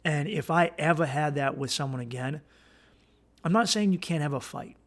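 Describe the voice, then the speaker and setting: A man's voice: fairly high pitch, normal speed, a bit bright. A man hosting a podcast, giving blunt, profane, rambling advice with many restarts. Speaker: podcast host. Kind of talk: casual advice monologue.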